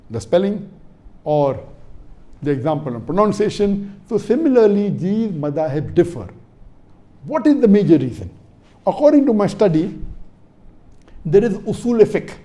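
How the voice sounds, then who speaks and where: A man's voice: high-pitched, dark tone. A man from India giving a religious lecture to an audience, emphatic and repetitive, putting questions to the listeners and spelling words out letter by letter. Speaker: Islamic preacher.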